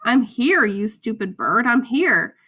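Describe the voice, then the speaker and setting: A grieving young boy, frustrated and close to tears, as a woman puts him on while reading aloud. The voice sits higher than her narration and carries a bright, tense tone. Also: measured pace. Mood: distraught. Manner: upset, raw, pleading.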